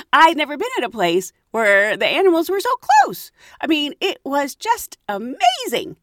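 A woman's voice: high-pitched, wildly swooping pitch, slow, dry recording, studio quality. A woman casually telling a travel story, acting out the voices of the people in it and laughing often.

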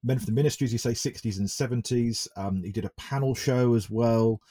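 Mellow, husky-voiced man chatting. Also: mid-range voice, a little fast. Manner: hesitant, many restarts and fillers. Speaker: podcast co-host. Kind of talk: casual film discussion.

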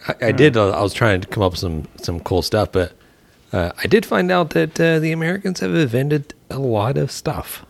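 A man co-hosting a podcast with dry, deadpan humor in casual chat. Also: mid-range voice, moderate pace, creaky. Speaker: podcast co-host.

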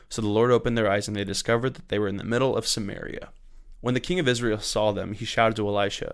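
A man with a somewhat low voice reads scripture aloud for a daily Bible reading. He keeps a measured, unhurried pace, corrects small slips as he goes, and raises his voice a little for the quoted speakers. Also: steady tone, smooth. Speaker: church Bible reading host.

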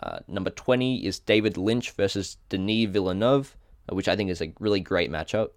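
Low, smooth Australian man. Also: brisk, no echo, clean studio sound. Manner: trips over foreign names, chuckling self-corrections. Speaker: podcast co-host. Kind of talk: casual podcast chat, reading out a list.

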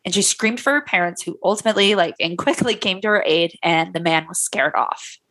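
A woman's voice: lowish voice, fairly quick, bright, forceful tone, no room sound. A young woman host narrating a story casually, loose and profane, with a sore throat. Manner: loose and profane, many fillers. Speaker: podcast host.

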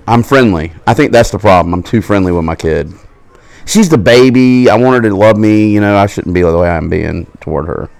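Guy in his 40s, lowish voice, rambling joking stories on a podcast. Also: animated, fairly quick, vocal fry, darkish tone, no echo. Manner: loose storytelling, acts out family quotes, laughs often. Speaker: podcast co-host. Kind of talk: casual chat.

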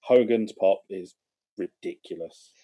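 A man co-hosting a podcast, talking in a relaxed, hesitant way with many fillers. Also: deep voice, measured pace, slightly rough. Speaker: podcast co-host. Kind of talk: casual chat.

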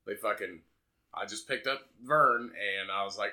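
A man's voice: fairly low pitch, normal speed, bright, forceful tone. A young man co-hosting a podcast, talking bluntly and profanely in casual chat. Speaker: podcast co-host.

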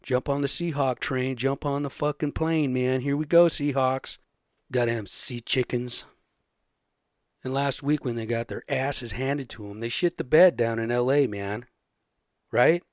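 A man with a sore, slightly raspy throat, ranting bluntly and profanely in a casual monologue, tagging lines with "right?". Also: mid-range voice, moderate pace, darkish tone, no room sound, studio quality. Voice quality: a little raspy.

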